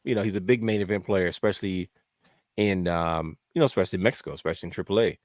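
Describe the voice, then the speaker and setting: A man co-hosting a wrestling podcast, telling stories in a lively way and acting out his own reactions. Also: low voice, racing, noisy background. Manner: animated storyteller, acts out his own thoughts. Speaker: podcast co-host. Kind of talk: casual wrestling chat.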